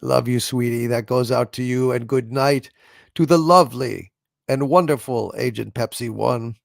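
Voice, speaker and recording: A man's voice: medium pitch, creaky, no echo, studio quality. A man hosting a casual livestream, reading out viewer messages and chatting in a rambling way with lots of fillers and restarts. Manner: slow, soft poetry reading. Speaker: livestream host. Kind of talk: casual livestream chat reading super chats.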